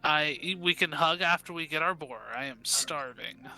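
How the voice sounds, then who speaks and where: A man's voice: on the high side, normal speed, bright, forceful tone, faint music behind. A man playing a tabletop game, speaking hesitantly with small stammers. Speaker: player. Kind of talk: tabletop game role-play.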